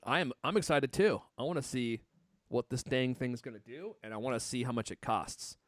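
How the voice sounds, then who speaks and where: A man hosts a live tech podcast in a loose, jokey way and keeps reading out viewer comments as they arrive. His voice sits at an ordinary middle pitch. The sound is dry, with barely any room around it. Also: normal speed, dry recording. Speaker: podcast host. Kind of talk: casual live-stream chat.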